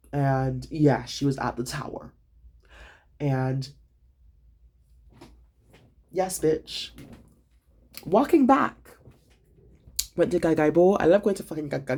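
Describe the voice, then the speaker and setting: A young man, a student, retelling his day in a casual vlog, animated and dramatic, swearing freely. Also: medium pitch.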